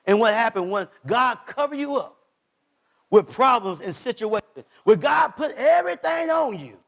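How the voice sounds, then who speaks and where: High-voiced preacher swinging from shout to hush. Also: male voice, sing-song, normal speed, creaky. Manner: impassioned preaching, voicing God's words, swings from shouts to hushed lines. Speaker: pastor. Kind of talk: sermon.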